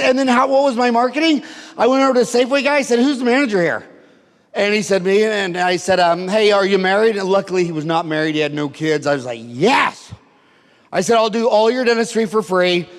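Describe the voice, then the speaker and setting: Brash profane man on a hall stage. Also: high voice. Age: middle-aged. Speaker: seminar speaker. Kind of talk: comedic rant seminar. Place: conference hall. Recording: hall reverb, live seminar.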